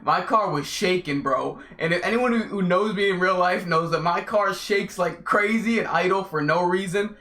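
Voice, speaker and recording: A young man with a high, bright voice tells an animated, slangy story. The room around him sounds echoey. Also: moderate pace, hardly any pauses. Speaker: vlogger. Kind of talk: casual storytime.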